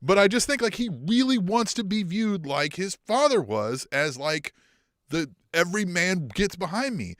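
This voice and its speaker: Animated, laughing man co-host. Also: sits high, normal speed, no echo, clean studio sound. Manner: animated, laughs often, swears, acts out quotes in a raised voice. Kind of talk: casual podcast chat.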